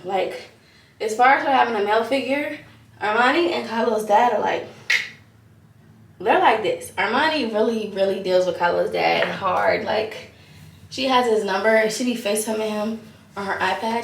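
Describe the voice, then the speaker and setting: A woman's voice: fairly high pitch, brisk, roomy sound, distant mic. A young woman in her early twenties candidly telling a personal story in a casual vlog, acting out both sides of the conversations. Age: young adult. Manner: candid, animated retelling with quoted dialogue. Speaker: vlogger.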